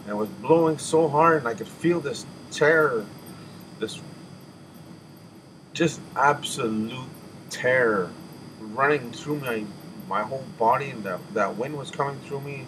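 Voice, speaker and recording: Over audible background noise, a medium-pitched man gives an emotional spiritual testimony. He speaks haltingly, restarting often and repeating words, sighing as he catches his breath.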